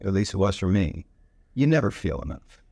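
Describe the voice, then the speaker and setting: A man on a panel speaking earnestly and thoughtfully, with some halting. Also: sits low, sing-song, vocal fry, a little mellow, husky, dry recording. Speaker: panelist actor. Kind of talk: earnest reflective panel talk.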